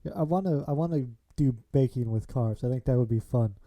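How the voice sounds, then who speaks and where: A man's voice: medium pitch, a little fast, lo-fi sound. A man hosting a casual car podcast, easygoing and joking, often murmuring agreement. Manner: easygoing, joking, many "mm-hmm"s. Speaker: podcast host. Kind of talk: casual chat.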